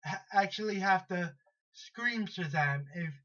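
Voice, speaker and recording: A high-voiced man retells a superhero story at an unhurried pace, stumbling over restarts and fillers as he goes. The recording sounds dull and lo-fi. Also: a bit bright. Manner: rambling, halting, many restarts and fillers. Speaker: vlogger counting down superheroes.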